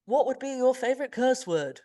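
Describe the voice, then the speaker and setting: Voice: high-pitched, lively intonation, brisk, mellow. Teasing, chatty podcast co-host. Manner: teasing, chatty question-asker. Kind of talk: casual podcast chat.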